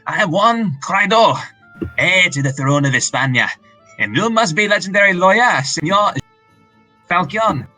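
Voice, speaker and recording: A man's voice: high-pitched, lively intonation, bright, forceful tone, soft background music, pitched above the performer's own voice, heavily acted, low-quality recording. A man voicing a flamboyant young male fox prince in a put-on Spanish accent, grandiose and theatrical. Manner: grandiose, theatrical, drawn-out words.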